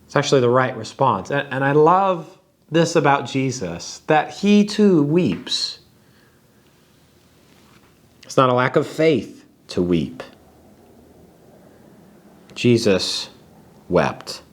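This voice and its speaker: A man giving an earnest expository Bible teaching, reflective, with slow emphatic pauses and some repeated words. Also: mid-range voice, very animated.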